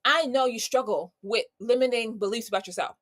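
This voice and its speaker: A woman's voice: fairly high pitch, a little fast. A woman in her thirties giving an exuberant, preachy motivational live talk, greeting viewers by name. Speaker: host.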